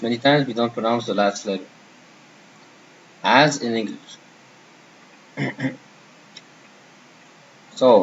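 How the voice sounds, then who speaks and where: A man's voice: mid-range voice, dull audio, a little hiss or hum. A man teaching a beginner French lesson, patiently repeating and modeling each word.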